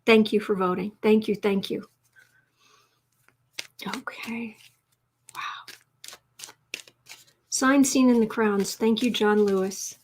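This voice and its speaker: A woman's voice: medium pitch, normal speed, few pauses, a little mellow, slight background noise. A woman hosting a live tarot stream, chatty and emotional, teary at times, reading out viewer comments. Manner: emotional and chatty, many restarts.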